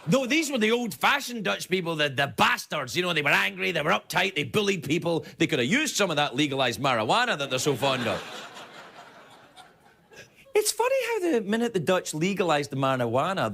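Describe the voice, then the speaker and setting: Scottish man hosting a comic monologue, lively. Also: a little high, a little hiss or hum. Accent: Scottish, Glasgow. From Scotland. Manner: joking, rambling, laughs at his own jokes. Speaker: late-night talk show host.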